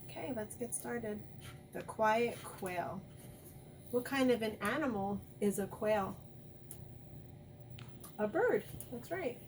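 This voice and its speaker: A woman teacher reading a picture book aloud to young children, speaking slowly, clearly and encouragingly. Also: mid-range voice, lively intonation, far from the mic, slight background noise.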